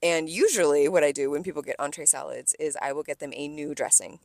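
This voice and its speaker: A woman's voice: low-pitched, quick pace, creaky, no echo. A woman co-hosting a podcast, telling a story about a rude restaurant customer in casual chat, swearing a lot and acting out the quotes. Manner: animated, profane venting with acted-out quotes. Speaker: podcast co-host, server.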